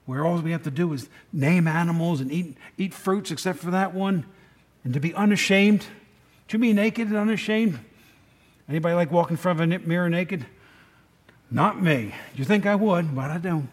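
A man's voice: sits high, normal speed. A middle-aged man preaching a sermon in a conversational way, often asking the congregation questions. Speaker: pastor.

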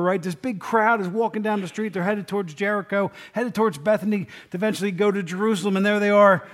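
A man's voice: sits high, fairly bright tone. A male pastor giving a conversational sermon, joking and asking the congregation questions. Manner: chatty, jokes and asks the congregation questions.

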